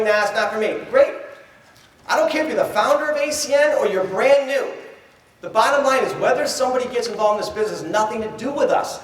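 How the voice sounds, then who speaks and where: A man giving a live motivational seminar talk, animated, acting out little dialogues and quizzing the crowd. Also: very high-pitched, a little hiss or hum. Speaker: motivational trainer. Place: large event hall. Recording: echoey hall from far off.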